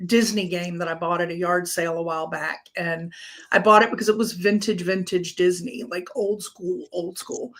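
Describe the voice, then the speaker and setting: A woman's voice: mid-range voice, a bit bright. A woman, co-hosting a casual chat and telling stories with quoted asides. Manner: chatty storyteller, quotes people in quick asides. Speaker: co-host.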